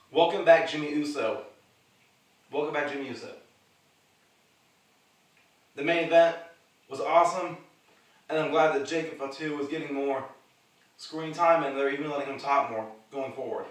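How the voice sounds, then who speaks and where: A man hosting his own podcast, chatting casually and rambling about wrestling, laughing easily along the way. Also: medium pitch. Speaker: podcast host. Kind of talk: casual solo wrestling chat. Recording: echoey room, distant mic.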